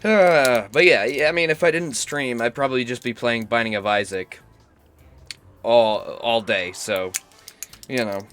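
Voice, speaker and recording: A sick young man with a hoarse, cracking voice and a cough, chatting casually and swearing while he streams a game. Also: medium pitch, measured pace, fairly bright tone, faint music behind. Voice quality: rough, cracking voice. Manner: rambling, self-mocking, swears often. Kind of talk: casual gaming stream chat.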